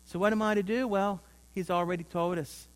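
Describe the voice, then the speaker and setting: A man's voice: sits high, fairly even intonation, fairly quick, smooth. A man preaching a sermon, telling a story with rising and falling emphasis.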